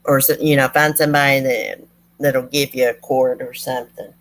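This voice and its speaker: A woman's voice: extremely low pitch, fairly even intonation, normal speed. A woman talks to her viewers as a channel host. She tells family stories in a folksy, rambling way, full of asides and side remarks. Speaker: true crime channel host. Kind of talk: casual storytelling to viewers.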